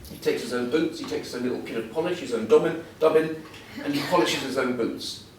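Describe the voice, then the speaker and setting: A man's voice: mid-range voice, a little fast, noisy background. Guest speaker, 60s, man. Self-mocking anecdotes, heard from a distance in a very echoey hall. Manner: self-deprecating, humorous storytelling. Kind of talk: anecdotal after-dinner talk.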